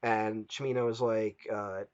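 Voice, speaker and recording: A man's voice: lowish voice, measured pace, no echo. A man hosting a casual film podcast, telling the story with energy and briefly acting out the people he quotes. The recording is dry, with a slightly dull tone. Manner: animated retelling, acts out quoted voices. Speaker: podcast host.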